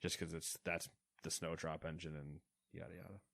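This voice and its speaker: A man co-hosting a gaming podcast, joking in quick, casual banter. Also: very deep voice, flat delivery, gravelly, a bit bright, no echo. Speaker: podcast co-host. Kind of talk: casual chat.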